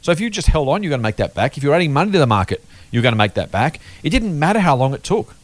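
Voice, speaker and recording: Fast, animated man. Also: on the high side, no echo. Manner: animated, emphatic, quick-talking. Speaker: podcast host. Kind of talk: casual investing podcast chat.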